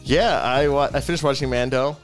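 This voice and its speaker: A man's voice: medium pitch, brisk, faint music behind. A man co-hosting a podcast, teasing and laid-back in casual chat. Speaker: podcast co-host.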